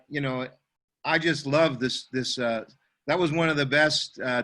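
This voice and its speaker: A man in his fifties, a network marketing veteran, giving halting praise with many restarts on a video call. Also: mid-range voice, bright, forceful tone.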